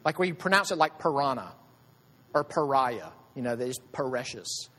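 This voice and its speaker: A man's voice: medium pitch, animated, fairly quick, a bit bright. A man preaching a sermon, asking his listeners rhetorical questions in a conversational way. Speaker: pastor. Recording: long hall reverb.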